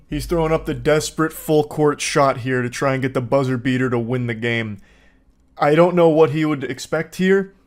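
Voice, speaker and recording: A man in his thirties talks through screenshots of text messages in a reaction commentary. His delivery is sarcastic and mocking, with casual swearing. His pitch sits in an ordinary middle range for a man. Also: normal speed. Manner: sarcastic, swearing, mocking reads of quoted texts. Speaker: commentary host. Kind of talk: reaction commentary reading texts aloud.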